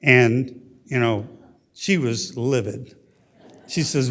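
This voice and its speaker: A man's voice: medium pitch, takes it slowly, fairly bright tone. A man in his sixties with a Texan accent, telling a personal story as a guest speaker at a luncheon, in a folksy way with frequent "okay?" and "you know?". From Texas. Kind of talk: storytelling speech. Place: luncheon hall.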